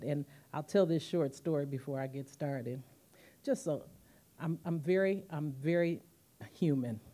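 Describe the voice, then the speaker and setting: A woman in her fifties gives a commemorative speech in a university auditorium at a podium mic, telling stories and acting out the quotes. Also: deep voice. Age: 50s. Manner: animated storytelling, acting out quotes. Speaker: guest speaker, museum president.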